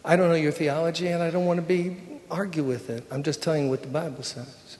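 An older man giving a sermon with a personal testimony, telling the story in an emotional, conversational way that drops to a hush at times. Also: fairly high pitch, steady tone, fast talker, big-room sound. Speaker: preacher. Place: church sanctuary.

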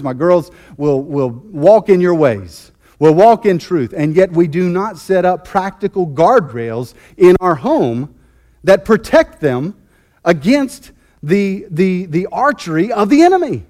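A man's voice: on the high side, animated, unhurried, a little mellow. A man preaching a sermon as pastor, fervent and emphatic, often repeating and restarting his phrases.

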